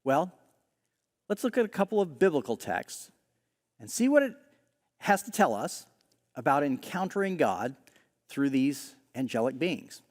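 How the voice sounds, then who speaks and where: A middle-aged male pastor tells stories in a sermon, talking casually with frequent "uh" pauses. His voice sits a little high and swings widely in pitch. It rings out with long reverb, as in a big church hall. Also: very animated, darkish tone. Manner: conversational storyteller with frequent "uh" pauses. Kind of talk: storytelling sermon.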